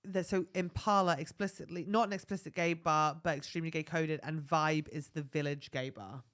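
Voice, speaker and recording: A woman co-hosting a podcast, relaxed and rambling, with lots of fillers. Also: low-pitched, a little fast. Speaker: podcast co-host. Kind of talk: casual chat.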